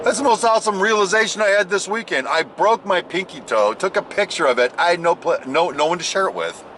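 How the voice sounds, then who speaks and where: Animated man telling a jokey story. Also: high voice, fairly quick, a little hiss or hum. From United States. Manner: animated, jokey, swings into loud exclaims and mimicked voices. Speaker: vlogger. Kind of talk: casual storytelling vlog.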